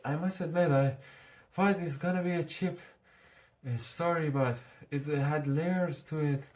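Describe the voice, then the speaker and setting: A man's voice: a little high, fairly even intonation, unhurried, a little mellow. A man reviewing a show in a casual vlog, talking through a mask, rambling and swearing freely.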